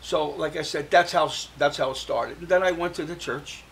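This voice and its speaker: A man's voice: fairly high pitch, moderate pace, a bit bright, slight background noise, poor audio. An older man, a guest on a talk show, telling his personal story and acting out the voices of the people he quotes.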